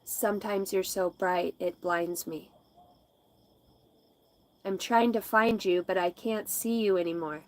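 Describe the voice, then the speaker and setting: Woman giving slow psychic readings. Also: medium pitch, fairly even intonation. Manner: slow soothing intuitive messages, shifting to loud profane laughing rambles. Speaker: psychic livestream host. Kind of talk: live intuitive reading and rambling chat.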